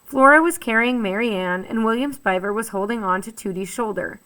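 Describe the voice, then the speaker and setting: A woman teacher reading a children's novel aloud, lively and expressive, giving each character a voice. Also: fairly high pitch, fairly quick, rough recording. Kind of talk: storybook read-aloud.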